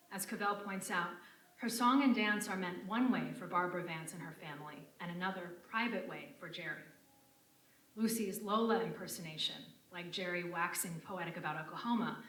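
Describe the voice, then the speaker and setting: A woman from Connecticut reading a prepared academic paper aloud to an audience in a university lecture room, with measured, formal delivery. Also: mid-range voice, fairly bright tone. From United States (Connecticut). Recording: roomy and distant lecture-room sound.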